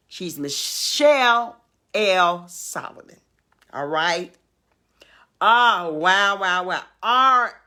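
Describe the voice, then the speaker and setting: An older woman hosting a casual livestream, making emphatic, drawn-out announcements and urging viewers to come along. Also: lowish voice, sharp tone. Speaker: livestream host.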